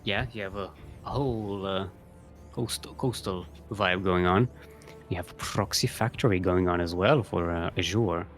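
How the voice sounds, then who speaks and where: A man's voice: low-pitched, moderate pace, faint music behind. A man casting a live video game match, joking and often restarting his sentences. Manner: rambling, jokey, frequent restarts. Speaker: esports caster.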